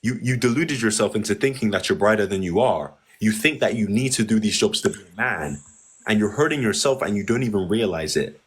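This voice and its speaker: A man's voice: fairly low pitch, animated, fairly quick, breathy edge. A young adult man hosting a heated live-stream debate, speaking in a smug, condescending manner and repeating the same set phrases. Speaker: debate host.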